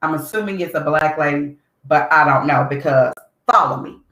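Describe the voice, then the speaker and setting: A woman hosting a podcast in casual commentary, blunt and animated, repeating her points for emphasis. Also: deep voice, moderate pace, reverberant, rough recording. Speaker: podcast host.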